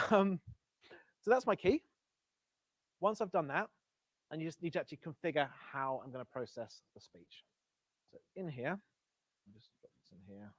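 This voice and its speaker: A man's voice: medium pitch, very animated, moderate pace, no echo. A man presenting a live coding session to a meetup audience on a headset mic, casual and self-correcting, with wry asides. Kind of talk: live-coding tech talk. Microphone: Bluetooth headset.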